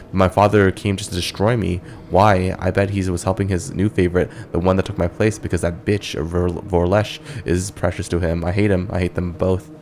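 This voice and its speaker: Bitter demon-spawn ghost woman, read by a man, deep and flat. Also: a little fast, hardly any pauses, a little hiss or hum. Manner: resentful, read aloud plainly.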